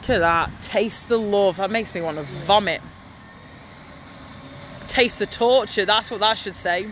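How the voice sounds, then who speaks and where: A woman's voice: medium pitch, measured pace, a bit bright, a little hiss or hum. A woman activist delivering an angry, impassioned vlog monologue outdoors by a slaughterhouse in the hail and rain. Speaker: animal rights activist.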